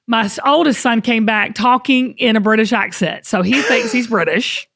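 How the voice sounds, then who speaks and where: A middle-aged woman, hosting a podcast in chatty, animated talk full of fillers and restarts. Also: on the high side, normal speed, creaky. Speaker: podcast host. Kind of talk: casual podcast chat.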